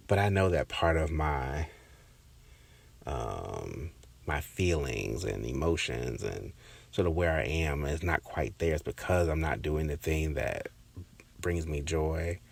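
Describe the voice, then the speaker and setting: A man hosting a podcast, telling a personal story in a casual, reflective, halting way, often restarting his sentences and sometimes dropping to a whisper. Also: a bass voice, gravelly, slightly rough. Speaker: podcast host.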